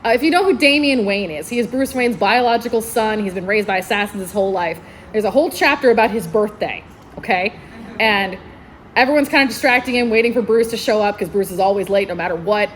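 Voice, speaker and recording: On a convention panel, a librarian shares her favorite books with real enthusiasm, often breaking into laughter. Her voice sits in the mid-range and moves at a quick pace, with slight background noise.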